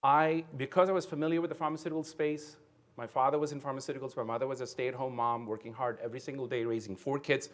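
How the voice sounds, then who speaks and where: A man in his fifties from India giving a motivational keynote speech, telling his story earnestly and often checking in with the audience with a quick "right?". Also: mid-range voice, fairly even intonation. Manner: earnest storytelling with frequent "right?" tag questions. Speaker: keynote speaker. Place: conference venue.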